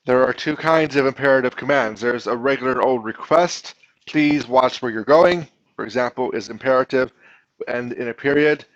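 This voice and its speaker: A man's voice: medium pitch, normal speed, no echo. A male teacher talks his class through a lesson at a patient pace, often stopping to restart a phrase. His voice sits in the middle range. The recording is dull and dry, with little room sound. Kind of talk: classroom instruction.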